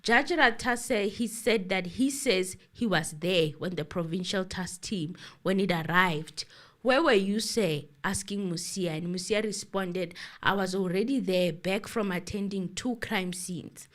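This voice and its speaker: Animated woman recapping a court case. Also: mid-range voice, a little slow. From South Africa. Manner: animated, laughs, exclaims, quotes the court exchanges. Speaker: commentator recapping a court trial. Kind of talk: casual chat.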